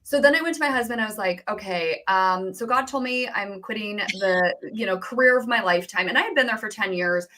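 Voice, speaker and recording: An animated woman, a business coach, tells her story as a podcast guest. She talks casually and acts out the conversations she describes. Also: mid-range voice, brisk, hardly any pauses, a little hiss or hum. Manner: animated, acts out quoted dialogue, many "like"s.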